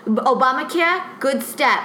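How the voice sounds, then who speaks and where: A high, bright-voiced woman from the US chats as a doting mother, rambling and gushing, easily worked up. She sounds like she is in an echoey room, with faint noise behind her. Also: expressive, normal speed. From United States. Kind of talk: casual chat on a call.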